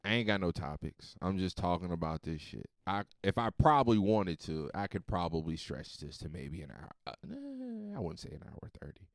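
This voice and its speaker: Animated, profane man telling a story. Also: sits low, moderate pace, creaky, hardly any pauses, dry recording, studio quality. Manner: animated, profane, swings loud and soft. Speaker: podcast host. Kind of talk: casual storytelling monologue.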